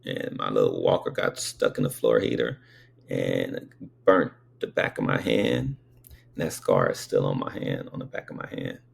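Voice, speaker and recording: Low gravelly man, slow and meandering. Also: sing-song. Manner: meandering, conversational, many asides to the listener. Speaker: storyteller. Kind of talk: casual spoken recollection.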